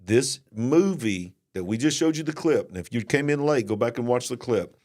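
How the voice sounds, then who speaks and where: A man's voice: mid-range voice, animated, normal speed, darkish tone. A man with a Southern US accent co-hosting a live-stream show, talking in a folksy, emphatic way and repeating himself for stress.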